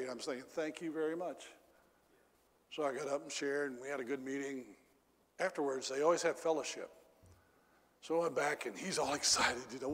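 A middle-aged male preacher tells a story during a sermon, swinging from loud exclamations down to low, confiding tones. He speaks at a moderate pace with long pauses, and the recording carries echoey hall reverb.

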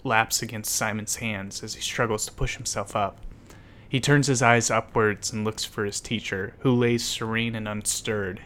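A man's voice: lowish voice, a bit bright. A man giving scripted, vivid dramatic narration as a storyteller.

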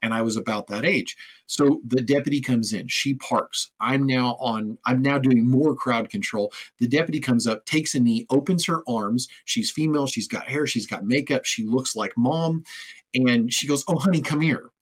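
A man with a husky, breathy voice hosts a casual interview. He tells his stories conversationally and gives the people in them their own lines as he goes. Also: medium pitch, normal speed, rough recording. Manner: storytelling, conversational, acts out quoted speech. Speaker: host.

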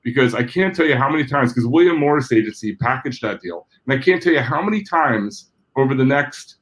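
On poor audio, this New Jersey guest, a middle-aged man, speaks briskly in a medium-pitched voice with lively intonation. His casual anecdotes are animated and full of swearing, and he impersonates the people he describes.

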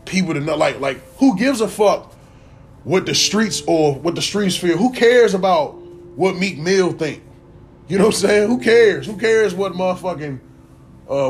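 A young man rants casually to his viewers, profane and rambling, swinging between mutters and loud bursts. His voice sits a little high for a man. Faint music plays behind him. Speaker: vlogger. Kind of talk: casual rant to camera.

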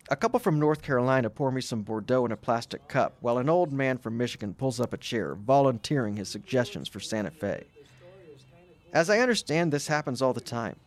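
A man narrating a travel documentary in a scripted, reflective way. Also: medium pitch.

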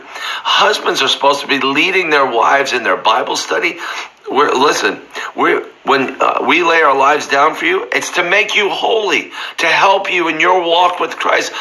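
A middle-aged male pastor teaching a sermon in a very bright, ringing voice. He speaks earnestly and effusively, stumbling over repeated words and climbing higher whenever he gets moved. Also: rough recording. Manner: earnest and effusive, restarts phrases, rises when moved.

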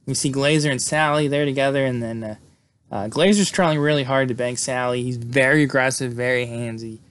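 A man's voice: mid-range voice, steady tone, a little fast, a bit bright. Guy on a podcast rambling through a movie plot, swears a lot, lots of uh and like. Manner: loose and profane, many fillers. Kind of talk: casual movie recap.

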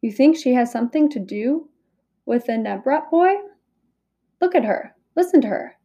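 A rough-bearded soldier waves off his partner with scoffing disbelief, as a woman reading the story puts him on. His tone is gruff and dismissive. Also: sits high, animated, normal speed, warm tone, muffled recording.

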